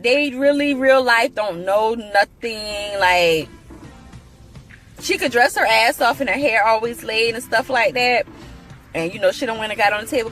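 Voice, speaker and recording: A woman's voice: medium pitch, fairly bright tone. A woman vlogger giving casual, opinionated commentary on a reality show, blunt and frank with plenty of swearing.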